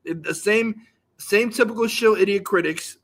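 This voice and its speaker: High bright-voiced guy ranting on a live stream, angry, swearing nonstop. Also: normal speed.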